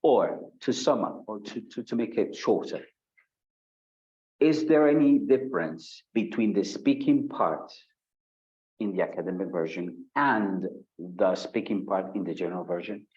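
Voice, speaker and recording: A man with a low voice leads a live online exam-prep session. He talks lively, asks the audience questions and reads their chat comments aloud. The sound is dull, lo-fi stream audio. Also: measured pace. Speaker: IELTS instructor. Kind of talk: live online webinar lesson.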